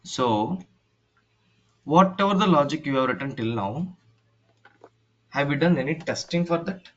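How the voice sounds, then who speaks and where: A man teaching an online class, talking haltingly with many fillers and restarts over a video call. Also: a little high, lively intonation. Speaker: instructor. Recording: dull lo-fi call audio.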